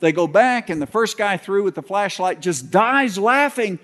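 A man who is a pastor, preaching a sermon with folksy storytelling, humor, and some halting restarts. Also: high voice, expressive, a bit bright. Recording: long hall reverb.

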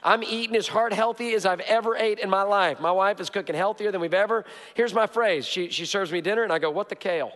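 A man's voice: high voice, fast talker, hardly any pauses, a bit bright. A male pastor preaching a sermon in a church, emphatic, hammering points with repetition and joking asides. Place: church sanctuary. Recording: long hall reverb.

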